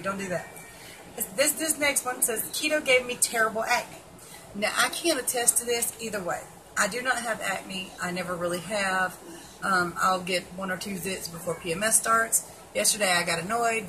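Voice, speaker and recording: A woman's voice: mid-range voice, noisy background. A woman giving casual, blunt and sarcastic commentary on an article, swearing freely as she reacts. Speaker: keto vlogger.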